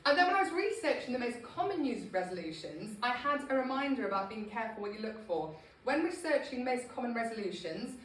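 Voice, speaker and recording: Speaking informally to a small group, a woman from Scotland keeps things funny and frequently laughs at her own expense. Her pitch sits in the medium range. The recording picks her up from afar in an echoey room, with a little background noise.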